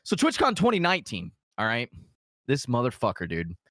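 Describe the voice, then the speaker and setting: Man, crude animated storyteller, lively higher voice, dry sound. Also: brisk, no room sound. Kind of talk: casual storytelling chat.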